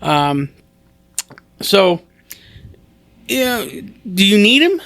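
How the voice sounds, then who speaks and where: A man's voice: high-pitched, very animated, extremely slow, fairly bright tone, dry recording. A man who is a stand-up comedian talking casually on a podcast in a rambling, self-deprecating way, with many restarts.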